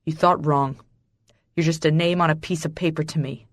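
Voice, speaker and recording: A woman's voice: sits low, fairly even intonation, normal speed, dry recording, clean studio sound. A woman voicing a cold, cruel young male billionaire who hisses his words with contempt in an audiobook. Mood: contemptuous. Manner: hissing, contemptuous.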